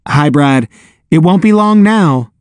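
A man reading an audiobook, voicing a gentle young mother with a husky voice. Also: fairly high pitch, expressive, slow, dry recording, studio quality, voice pushed up.

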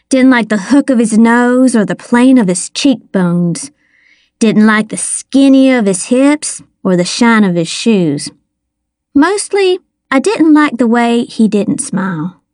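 A woman reading a first-person audiobook, with measured, wry storytelling. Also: on the high side, a little mellow, dry recording, clean studio sound. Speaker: audiobook narrator.

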